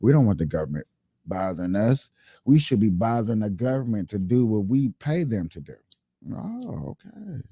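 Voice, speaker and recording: An earnest man hosts his own political livestream, speaking straight to his viewers and circling back over his points. His voice sits a little low with a mellow, soft tone. The sound is dry and close, with no room echo. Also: animated, brisk, husky. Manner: earnest, repetitive, addresses viewers directly. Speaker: livestream host. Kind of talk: casual political livestream talk.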